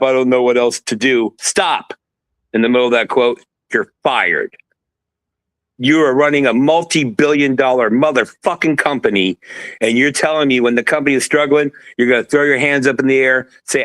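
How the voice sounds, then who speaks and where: A man's voice: mid-range voice, a bit bright, no room sound, low-quality recording. A man hosting a sports livestream, delivering a furious, profane and confrontational rant. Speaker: sports show host.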